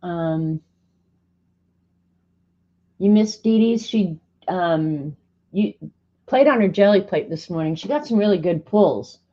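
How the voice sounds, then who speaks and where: A woman's voice: lowish voice, animated, takes it slowly, pauses often. A woman hosting a casual art livestream, chatting, greeting viewers by name and reading snarky sayings aloud. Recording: dull lo-fi stream audio.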